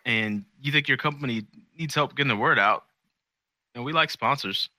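A man's voice: medium pitch, normal speed, long pauses, sharp tone, no echo. A man co-hosting a podcast in casual chat, rambling and joking as he tells stories. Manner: rambling, jokey storyteller. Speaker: podcast co-host.

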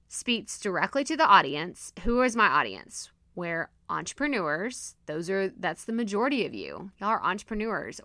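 A woman hosting her own podcast, teaching in a chatty, animated, self-deprecating way, with her voice strained and going hoarse. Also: lowish voice, no room sound, clean studio sound. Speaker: podcast host and coach. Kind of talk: casual solo podcast teaching.

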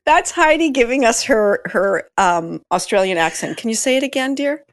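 A woman's voice: on the high side, lively intonation, moderate pace, no room sound, clean studio sound. A woman co-hosting a podcast in casual chat, playful and teasing, laughing often. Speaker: podcast co-host.

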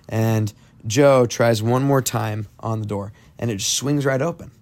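A man's voice: medium pitch, steady tone, unhurried, a little mellow. A young man telling a spooky story to friends in a casual, rambling way, full of "like" and "um.". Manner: rambling, heavy on "like" and "um" fillers. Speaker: podcast storyteller.

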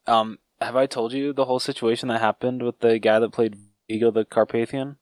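A man's voice: medium pitch, flat delivery, brisk, no echo, clean studio sound. A man co-hosting a podcast, chatting casually and a bit hesitantly about movies. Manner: chatty, hesitant, says um and dude a lot. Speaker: podcast co-host.

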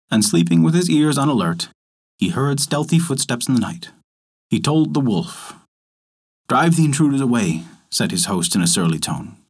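A man narrating a folk tale in a measured, expressive storytelling manner, as host of a story podcast. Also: mid-range voice, breathy edge. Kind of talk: scripted narration.

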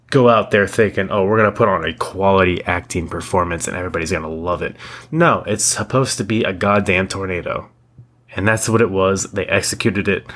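A young man with a deep, low voice talks on a podcast in a blunt, profane, animated rant. He keeps restarting his sentences as he piles on opinions. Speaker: podcast co-host. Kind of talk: casual opinionated chat.

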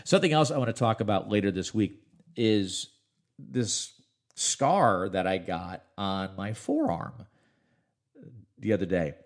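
A man's voice: on the low side, unhurried, pauses often. A middle-aged man, a radio host, rambling chattily through a solo podcast while sounding congested from allergies. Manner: chatty, rambling, self-interrupting. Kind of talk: casual podcast monologue.

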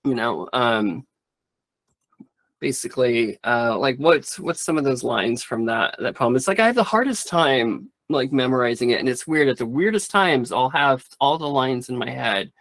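Rambling, candid comedian, dry close sound. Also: male voice, mid-range voice, animated, a bit bright, no echo. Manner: rambling and candid, with swearing and quick laughs. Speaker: stand-up comedian. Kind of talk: casual interview chat.

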